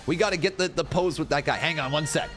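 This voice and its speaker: A man hosting a live wrestling watch-along, chatting excitably with his chat and swearing freely. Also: a little high, fast talker, over music. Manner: excitable, profane, chatty, talks straight to chat. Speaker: live-stream host reacting to wrestling. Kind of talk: casual watch-along commentary and chat banter.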